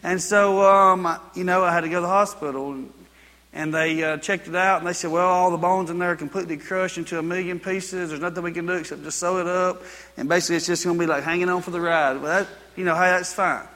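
A man preaches in a high, bright voice. His sermon moves from folksy anecdote to rhythmic, repeated exhortation. The sound carries the long reverb of a church hall. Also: fairly even intonation, fast. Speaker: pastor. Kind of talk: sermon with personal story.

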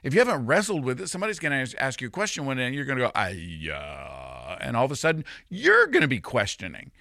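A man's voice: on the high side, wildly swooping pitch, rapid-fire, vocal fry, pushed and bright, no room sound, studio quality. A man preaching a sermon as a pastor, in a conversational way with restarts and sudden emphatic rises.

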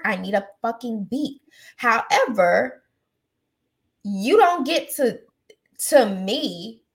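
Podcast host lady, gravelly fry in her voice, kinda high, blunt and emphatic giving advice. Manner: outspoken, emphatic, repeats phrases for effect. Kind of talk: casual chat giving advice.

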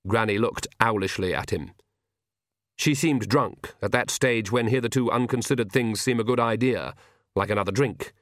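A man's voice: on the low side, moderate pace, a bit bright, no echo. A man narrating a comic fantasy novel with dry, wry storytelling. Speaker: audiobook narrator. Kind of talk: scripted narration.

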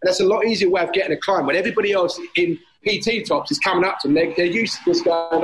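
A man's voice: high voice, fast talker, hardly any pauses, low-quality recording. A man, a personal trainer and gym owner, chatting on a podcast and acting out gym banter as he tells stories. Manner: animated storyteller, acts out gym banter. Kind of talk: casual podcast chat. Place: outdoors on a street. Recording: faint street noise behind.

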